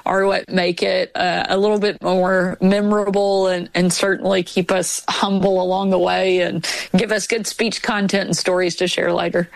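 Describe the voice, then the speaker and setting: A woman's voice: fairly low pitch, flat delivery, normal speed, vocal fry, dry recording, poor audio. A woman in her forties, a governor from Arkansas, chatting casually as a podcast guest and telling family stories. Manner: warm storytelling, laughs at own anecdotes. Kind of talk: casual interview chat.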